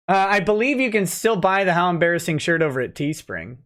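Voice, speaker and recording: A man's voice: high voice, a bit bright. A man hosting a casual livestream, joking and rambling while reading out chat messages. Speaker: livestream host, lawyer.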